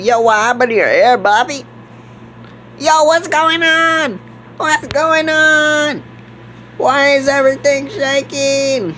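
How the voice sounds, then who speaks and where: A rowdy man role-playing a character in a game, swearing through excited outbursts. His talk runs slow and drawn out, with a faint hiss of noise behind him. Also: extremely high pitch.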